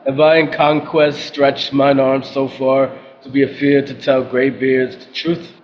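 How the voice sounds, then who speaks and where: In an audio drama, a man plays Caesar as a proud, commanding Roman ruler, declaiming in a stately way. His medium-pitched, natural voice is flat and measured, recorded in dull lo-fi with faint noise.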